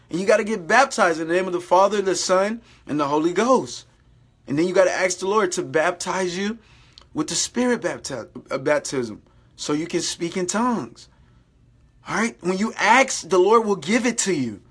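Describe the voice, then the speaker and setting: A man's voice: high voice, lively intonation, normal speed, fairly bright tone, breathy edge. A man giving an informal sermon to online viewers, exhorting them, repeating phrases and calling them "guys". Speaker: preacher.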